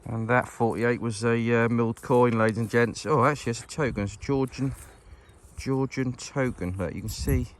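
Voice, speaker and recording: A man's voice: medium pitch, steady tone, normal speed. Chatty British man detecting outdoors. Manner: chatty, upbeat, addresses viewers as ladies and gents. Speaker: metal detecting vlogger. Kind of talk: casual outdoor walk-and-talk vlog. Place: outdoors in a farm field.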